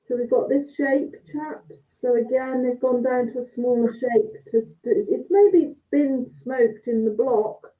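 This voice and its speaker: Speaking a little slowly with few pauses, this woman has a fairly high-pitched voice. She judges cheese on a video call with tinny, phone-style audio, chatting and thinking out loud while tasting and cutting.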